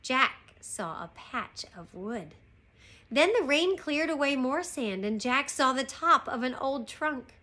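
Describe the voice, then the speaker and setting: A woman teacher reads a children's chapter book aloud at an unhurried pace. Her voice is bright and expressive, rising and falling widely to keep young listeners hooked. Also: high voice. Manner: slow, expressive reading. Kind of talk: storybook read-aloud.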